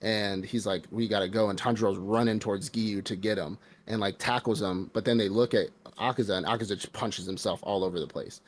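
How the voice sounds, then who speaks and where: A man co-hosting a casual podcast, telling a movie's story in relaxed, slangy talk. His voice sits fairly low. He drops into brief character voices as he goes. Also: fairly quick, hardly any pauses. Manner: animated retelling with put-on character voices, slangy. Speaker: podcast co-host. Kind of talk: casual chat recapping a film.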